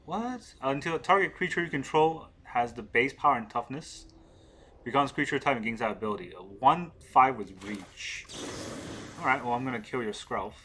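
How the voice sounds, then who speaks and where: Bright-voiced man thinking aloud. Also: medium pitch, normal speed, husky. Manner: muttering, counting cards, questioning himself. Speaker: gameplay streamer. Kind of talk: thinking aloud while playing a card game.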